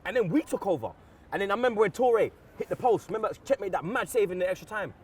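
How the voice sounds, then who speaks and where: A man talking football as a fan pundit in excitable, slang-filled chat, telling stories with loud outbursts. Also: high voice, fast talker, slightly rough.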